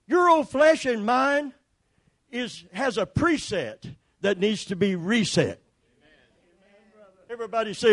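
A man's voice: high voice, sing-song, unhurried. A man pastor preaching a sermon with emphatic repetition and calls for the congregation to respond.

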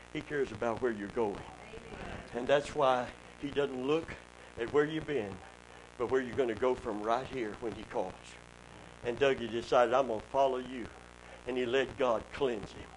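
A male pastor preaches emphatically, his voice swelling loud on key words. A faint hum sits behind him. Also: medium pitch, rough recording. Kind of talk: sermon.

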